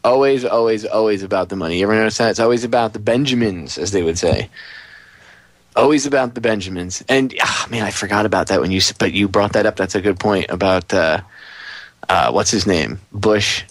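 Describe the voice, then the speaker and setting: A man's voice: on the low side, brisk, no room sound. Ranting, profane talk radio host man. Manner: ranting, profane, mimics voices. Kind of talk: casual podcast chat.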